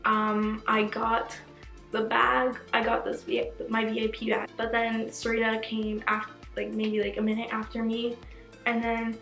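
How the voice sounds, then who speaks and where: A young woman talks to her viewers in a bubbly, gushing storytime, dropping "like" into nearly every sentence. Her voice sits a little high with a noticeable gravelly fry. The room around her is echoey, with faint music underneath. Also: unhurried. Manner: gushing, excitable, fills speech with "like". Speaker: vlogger. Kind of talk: casual storytime chat.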